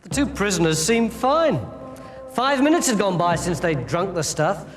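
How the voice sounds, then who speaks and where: A male storyteller gives dramatic, comic narration, swinging between loud bursts and hushed asides. His voice sits fairly high and moves around a lot. Music plays behind him. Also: moderate pace. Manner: lively, theatrical, shifting volume.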